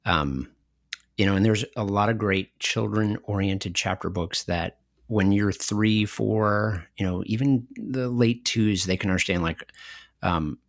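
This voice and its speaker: A middle-aged man with a low voice co-hosts a conversational podcast, telling anecdotes with animated energy and frequently breaking into laughter. He speaks at a measured pace, and the sound is dry and close, with no echo or room around it.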